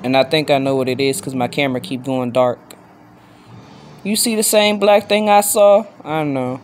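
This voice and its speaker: A woman vlogs from bed late at night. She talks in rambling, self-interrupting chatter, then jumps into a high baby voice for her pet. A faint hiss sits under the recording. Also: normal speed, darkish tone. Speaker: vlogger. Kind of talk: casual late-night vlog.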